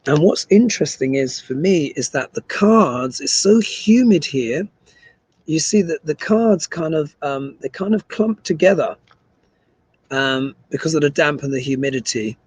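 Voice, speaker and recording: A man with a slightly husky, breathy voice at a middle pitch hosts a relaxed live stream. He chats loosely with viewers and reads their comments aloud as he goes. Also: dry recording, rough recording. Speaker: astrology and tarot livestream host. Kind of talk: casual livestream chat. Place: small desk in a humid room abroad.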